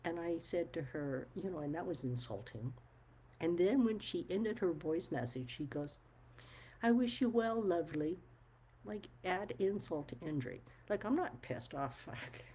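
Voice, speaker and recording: A woman's voice: deep voice, animated, moderate pace, dark tone, slight background noise, low-quality recording. A woman speaking her mind in a casual monologue to camera, blunt and firm, swearing freely and stressing her points. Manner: firm and emphatic. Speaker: vlogger.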